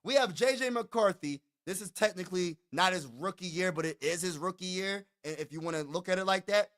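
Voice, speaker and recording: A man hosting his own sports talk show, ranting with excitement and frustration. His voice sits high and sounds bright. He repeats lines for emphasis and stumbles over quick restarts. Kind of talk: hyped fan rant.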